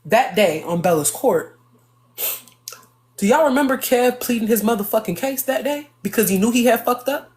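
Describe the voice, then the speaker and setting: A woman hosting a live stream, telling a story in casual chat with blunt, profane, animated talk. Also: a little high, moderate pace.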